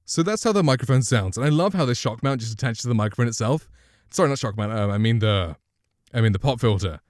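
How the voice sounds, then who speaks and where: A man's voice: mid-range voice, expressive, fast, no room sound. A man streamer giving a casual review and demo of a microphone, chatty and rambling, often correcting himself, speaking into a studio condenser mic up close at his home streaming setup.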